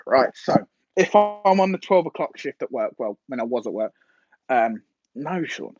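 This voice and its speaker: A man's voice: medium pitch, lively intonation, moderate pace, darkish tone, no room sound, lo-fi sound. A man hosting a casual live stream, rambling and hesitant with lots of fillers and restarts as he answers viewers' questions.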